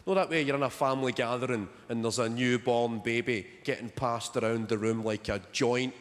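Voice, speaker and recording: A young Scottish man doing a stand-up set, telling stories in a dry, deadpan way and swearing casually. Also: medium pitch, brisk. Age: young adult. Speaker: stand-up comedian. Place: large theatre stage. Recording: live hall reverb, loud audience noise.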